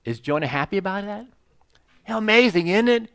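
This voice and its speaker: A man retells a scripture story as a relaxed, humorous sermon. He sprinkles in asides and jokes. His voice sits a little high, and the recording is close and dry with no room echo. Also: normal speed, clean tone. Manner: joking, conversational, many "you know" asides. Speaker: pastor.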